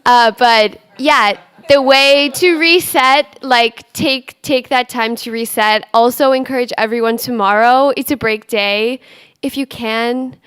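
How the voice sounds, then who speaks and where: A young woman speaking casually and lively at a panel, with lots of "like". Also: fairly high pitch, unhurried, smooth, dry recording. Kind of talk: panel discussion remarks.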